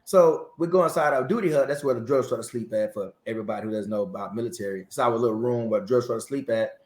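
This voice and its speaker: Speaking at a quick pace with a medium pitch, this forties-aged man, a Marine veteran guest in an interview, brings his story to life by performing the dialogue. The space sounds roomy and echoey.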